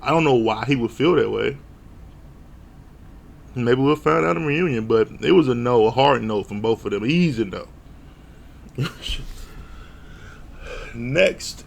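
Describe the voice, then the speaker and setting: A man's voice: mid-range voice, creaky. A man giving a blunt, profane, casual recap of a reality show, retelling scenes with mock quotes. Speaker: show reviewer.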